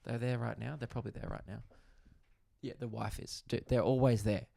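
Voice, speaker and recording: Young male comic host, gravelly voice, casual storyteller who swears a lot and acts out voices. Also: mid-range voice, fairly quick, dry recording, clean studio sound. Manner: animated, swears freely, acts out others' voices. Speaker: comedian podcast host.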